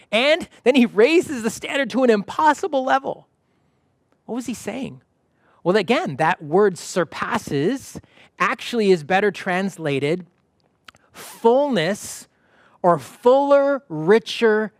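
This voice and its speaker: Lively, animated preacher man. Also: high voice, unhurried, dry recording, clean studio sound. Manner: animated, acts out quoted voices. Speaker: pastor. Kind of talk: sermon.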